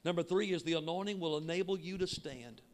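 A man preaching a sermon with emphatic shouting that drops to quiet asides. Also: a little high, fast. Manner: shouting, emphatic, swinging between loud and quiet. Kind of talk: Pentecostal sermon.

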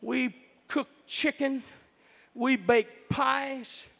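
A man from Florida preaching a sermon built on stories from his childhood, animated and breaking into shouts at the big moments. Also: very high voice, extremely slow, vocal fry, big-room sound. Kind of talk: storytelling sermon.

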